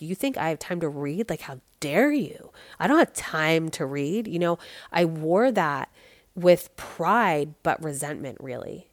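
A woman's voice: fairly low pitch, no room sound. A woman in her thirties hosting a solo podcast, talking candidly and conversationally with many "like" fillers. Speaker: podcast host.

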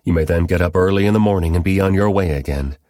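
A man's voice: sits low, quick pace, dark tone, dry recording, clean studio sound, close to an everyday voice. A man reading as an anxious, begging host. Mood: anxious pleading. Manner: pleading, urgent. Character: anxious, begging man protecting his guests.

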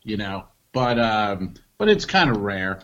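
A man's voice: fairly low pitch, sing-song, a little slow, a bit bright, muffled recording. A man co-hosting a comedy podcast, telling jokes and road stories in loose, casual chat and swearing freely.

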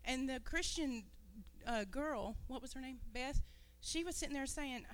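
High-voiced woman rambling earnestly to a congregation. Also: normal speed, hardly any pauses. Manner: rambling, earnest, loses her train of thought. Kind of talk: testimony to a church congregation.

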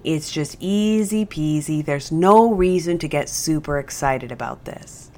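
Animated woman explaining dog training. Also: low-pitched, measured pace, few pauses. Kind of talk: podcast monologue.

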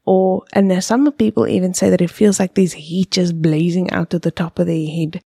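A woman's voice: lowish voice, flat delivery, normal speed, gravelly, dark tone, husky, no room sound, studio quality. A woman, hosting a podcast and explaining things step by step with vivid examples, sometimes dropping to a whisper. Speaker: podcast host.

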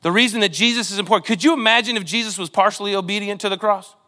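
A man preaching a sermon in a church, animated and acting out quoted lines in different voices. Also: sits high, racing. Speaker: pastor.

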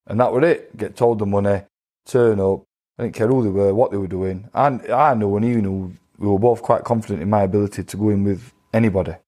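A middle-aged man, a former boxer telling rambling stories in a relaxed interview and often laughing along. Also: lowish voice, fairly quick. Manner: rambling anecdotes with laughing asides. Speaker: boxing guest. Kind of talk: casual storytelling chat.

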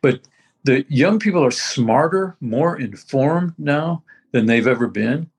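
A man's voice: mid-range voice, lively intonation, a little slow, husky. An older man talking casually as a veteran musician, rambling and reminiscing with many restarts. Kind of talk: casual conversation.

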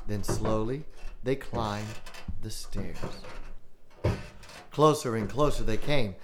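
A man hosting a podcast, reading a children's scary story aloud in a slow, dramatic style. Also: fairly low pitch, a little hiss or hum. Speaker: podcast host.

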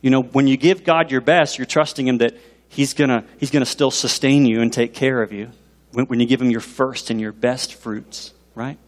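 Animated male pastor in an echoing hall. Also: mid-range voice, normal speed. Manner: animated, asks the congregation questions. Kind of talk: sermon. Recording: long reverb in a large hall.

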